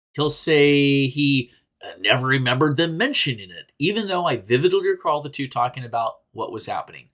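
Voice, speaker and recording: A man hosting a casual podcast, reading listener posts and giving candid, rambling advice with plenty of swearing and laughter. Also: on the high side. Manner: animated, jumps between loud bursts and quiet asides. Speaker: podcast host reading and answering reader stories.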